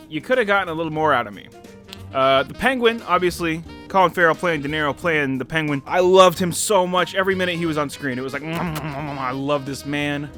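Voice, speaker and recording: A man's voice: on the high side, a bit bright. A young man giving a casual, rambling film review, full of "like" fillers and frequent laughter. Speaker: movie reviewer.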